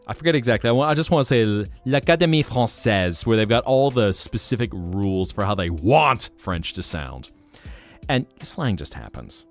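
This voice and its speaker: A man's voice: on the low side, soft background music. A man chatting casually on a live stream, gushing and laughing easily. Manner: animated, chatty, quick to gush and laugh.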